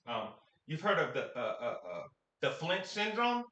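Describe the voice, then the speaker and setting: Animated high-voiced storytelling man. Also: moderate pace. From Sacramento, California. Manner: animated, slangy, acts out quotes. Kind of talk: casual storytelling to camera. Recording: echoey room.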